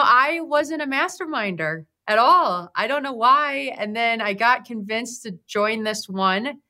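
A woman's voice: medium pitch, pushed and bright. A woman hosting a podcast, who introduces her guest with enthusiasm and keeps the talk going with keen, encouraging replies. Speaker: podcast host. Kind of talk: podcast interview.

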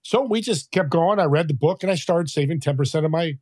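A man in his sixties, a podcast guest telling stories in a lively conversational way and acting out the voices of people he quotes. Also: on the high side, a little fast, no echo, studio quality. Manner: animated, acts out quoted voices. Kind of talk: conversational storytelling.

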